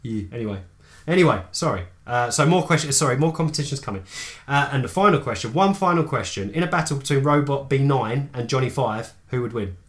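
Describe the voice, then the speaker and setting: A man's voice: mid-range voice, lively intonation, quick pace, hardly any pauses. A man co-hosting a casual tabletop gaming podcast, joking and rambling. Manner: jokey, rambling, chuckling. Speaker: podcast co-host. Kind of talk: casual banter.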